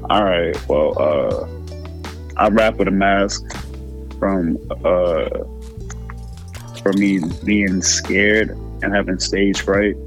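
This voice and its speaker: A man who raps, answering interview questions in a calm, measured way. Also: deep voice, low-quality recording. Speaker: rapper guest. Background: music playing.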